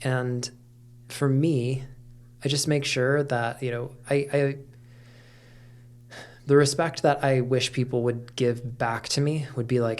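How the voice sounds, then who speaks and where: A man's voice: medium pitch, steady tone, slow pace, pauses often, darkish tone. A middle-aged man talking candidly as a podcast guest, with lots of fillers and casual swearing. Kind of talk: casual conversation.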